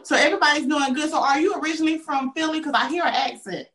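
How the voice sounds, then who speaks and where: A woman's voice: high voice, quick pace, fairly bright tone, slight background noise. A woman hosting an interview show, asking questions in an upbeat, chatty way. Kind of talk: casual interview. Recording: echoey, distant mic.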